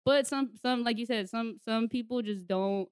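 A woman's voice: on the high side, moderate pace, smooth, no room sound, studio quality. A young woman co-hosting a casual chat, laughing often and talking in blunt, profane slang.

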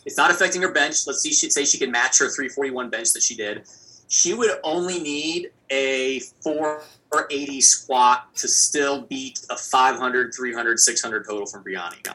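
Very bright-voiced analytical man. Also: mid-range voice, moderate pace, poor audio. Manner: analytical, working through numbers aloud. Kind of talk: casual sports chat.

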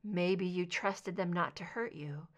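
Brief: woman reader playing a soft-spoken, measured hypnotherapist, steady and calm. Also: natural voice. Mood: soothing. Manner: low, modulated, measured. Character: calm therapist leading a hypnosis session.

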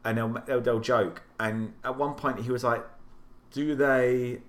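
A man's voice: mid-range voice, steady tone, moderate pace, fairly bright tone. An English man co-hosting a podcast, telling rambling anecdotes in casual chat with lots of restarts. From England. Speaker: podcast co-host.

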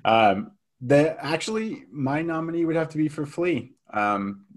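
A man's voice: on the high side, big pitch swings, measured pace. A man co-hosting a film review podcast, chatting casually and hesitantly, with lots of fillers and restarts. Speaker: podcast co-host.

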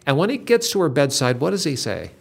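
A man's voice: a little high, huge pitch swings, quick pace, creaky, slightly rough. An older man hosting a Christian talk, earnestly retelling a story with dramatic emphasis. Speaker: Christian podcast host.

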